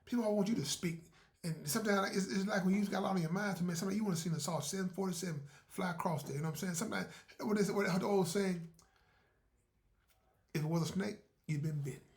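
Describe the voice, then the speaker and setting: A man's voice: high voice, quick pace. A man hosting his own podcast, talking casually in a folksy way, repeating words and acting out little dialogues. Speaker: podcast host. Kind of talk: casual solo monologue.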